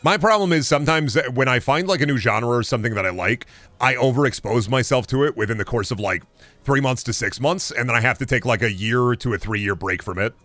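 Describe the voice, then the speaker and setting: A man's voice: medium pitch, brisk, dry recording, faint music behind. A young man streaming a game, chatting casually and ranting with plenty of swearing. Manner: animated, profane ranting. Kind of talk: casual chat while gaming.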